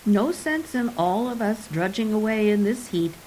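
A woman's voice: medium pitch, expressive, moderate pace, darkish tone, a little hiss or hum, close to an everyday voice, low-quality recording. A woman voicing a weary, self-pitying old male wizard in a storybook reading, speaking in a dry, mildly martyred manner. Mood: kindly.

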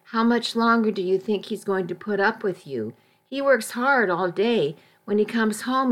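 A caring, firm aunt, as a woman reader puts her on in a storybook reading. She talks gently but sternly, pleading and steady at an ordinary mid pitch. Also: close to an everyday voice. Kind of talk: audiobook reading.

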